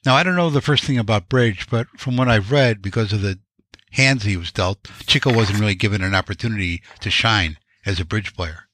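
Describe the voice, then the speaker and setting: A man co-hosting a podcast, giving relaxed opinions with dry quips. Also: on the low side, fairly quick, dry recording. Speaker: podcast co-host. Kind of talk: conversational film discussion.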